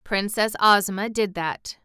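A woman's voice: mid-range voice, slow pace, sharp tone, clean tone, no echo, studio quality. A woman voicing an earnest, mildly proud male sawhorse made of wood.

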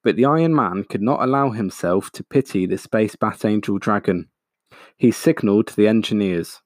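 A man reading a children's storybook aloud, slow, expressive and dramatic. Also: on the low side, dry recording, clean studio sound. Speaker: audiobook narrator.

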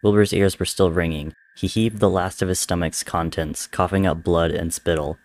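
A man narrating a dark dramatic story in a measured, intense reading. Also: low-pitched, steady tone.

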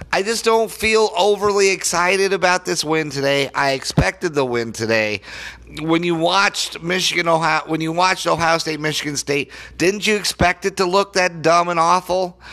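Young man, high voice, sports podcast rant, sarcastic, profane, annoyed. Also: bright, forceful tone.

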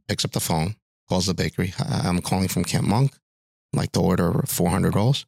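A middle-aged man with a low, gravelly voice tells a story in an interview. His pitch leaps about as he acts out the people he quotes. The recording is dry and close. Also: lively intonation, normal speed, darkish tone, no room sound. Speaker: music teacher, podcast guest.

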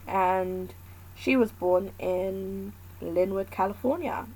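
A woman's voice: mid-range voice, takes it slowly, mellow, rough recording. A woman talking alone in a casual, candid chat, thinking aloud and rambling between points.

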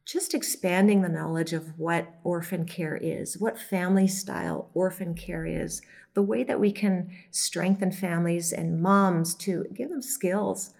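A woman who runs a children's home, speaking earnestly in an interview with halting restarts. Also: on the low side, fairly even intonation, vocal fry, a little mellow.

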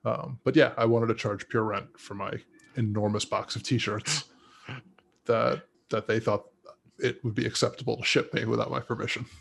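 Brief: young guy, gravelly fry in the voice, relaxed rambling co-host. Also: medium pitch, moderate pace. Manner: easygoing, rambling, many fillers. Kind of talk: casual chat.

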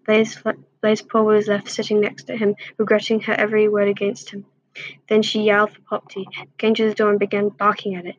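Breathy woman reading a story aloud. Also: medium pitch, completely flat delivery, fairly quick, muffled recording. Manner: plain reading with slips and restarts. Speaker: story reader.

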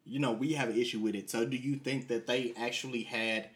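A man co-hosting a casual talk show, chiming in with quick remarks and questions. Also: mid-range voice, fairly even intonation. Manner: quick interjections and backchannels. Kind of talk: casual chat.

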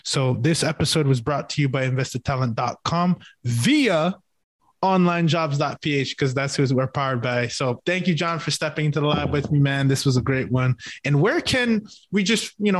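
A man hosting a podcast interview, enthusiastic and quick to laugh, thanking his guest. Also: a little high, dry recording. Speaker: podcast host. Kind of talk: casual interview chat.

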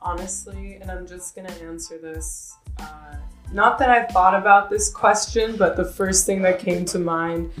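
A woman's voice: on the low side, a little slow, few pauses, soft background music. A woman hosting a podcast in casual chat, talking frankly and loosely with lots of "like". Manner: relaxed, frank, peppered with "like". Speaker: podcast host. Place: indoors at a home.

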